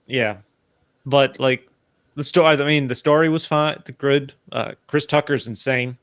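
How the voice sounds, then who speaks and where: A man's voice: mid-range voice, steady tone, unhurried, a bit bright, no room sound. Rambling man in his thirties. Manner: rambling, full of restarts. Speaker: podcast co-host. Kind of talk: casual movie review chat.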